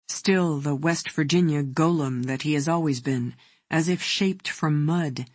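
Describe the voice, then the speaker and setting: An audiobook narrator reading a thriller in a measured, even way. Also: medium pitch, no echo.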